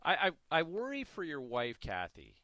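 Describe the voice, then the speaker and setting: A man's voice: on the high side, huge pitch swings, normal speed, bright, forceful tone, dry recording, studio quality. A man hosting a sports radio show, talking in an upbeat, teasing way. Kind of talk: casual sports radio chat. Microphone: studio microphone.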